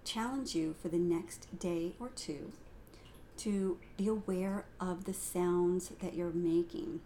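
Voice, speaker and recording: A woman's voice: lowish voice, steady tone, takes it slowly, warm tone, a little hiss or hum. A middle-aged woman teaching a video lesson on communication, talking directly to the viewer and shifting emphasis across words to demonstrate tone.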